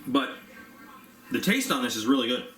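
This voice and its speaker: A man's voice: medium pitch, huge pitch swings, moderate pace, creaky, fairly bright tone. A man giving a casual unboxing review, chatty and rambling with fillers, sometimes talking while he chews. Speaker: product reviewer. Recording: echoey room, faint background hum.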